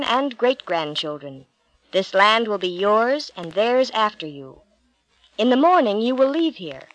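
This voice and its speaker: A woman's voice: fairly high pitch, fairly bright tone, no echo, poor audio. A woman voicing God speaking in a dream, proclaiming grandly in a storybook reading.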